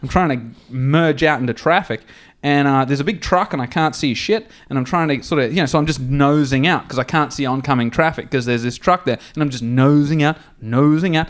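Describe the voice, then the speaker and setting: A man's voice: medium pitch, fairly quick. A man with an Australian accent telling crude, sweary anecdotes on a comedy podcast. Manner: crude, swearing, animated storyteller. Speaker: podcast co-host. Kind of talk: casual comedy podcast storytelling.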